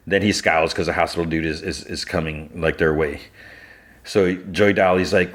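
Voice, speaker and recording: A man's voice: low-pitched, fairly even intonation, brisk. A man hosting a podcast, casually recapping a TV episode scene by scene and retelling it with frequent "he's like.". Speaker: podcast host.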